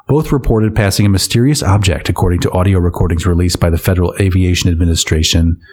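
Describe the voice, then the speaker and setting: A man's voice: sits low, fast talker, darkish tone. A man co-hosting a podcast who reads news stories aloud and breaks in with sarcastic asides. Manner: sarcastic asides while reading. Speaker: podcast co-host reading news. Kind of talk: comedic news reading.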